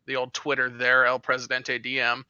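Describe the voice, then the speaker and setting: A man who is a guest on a podcast, talking casually with halting, stammering restarts. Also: medium pitch, monotone, pushed and bright, clear, resonant tone, no room sound, dull audio. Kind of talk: casual chat.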